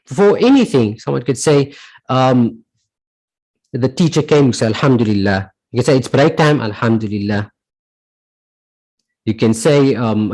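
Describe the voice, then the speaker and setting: A man's voice: on the high side, darkish tone, low-quality recording. A man teaching a live online Arabic lesson, repeating each word and its meaning and checking in with "right?". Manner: asks "right?" to check understanding.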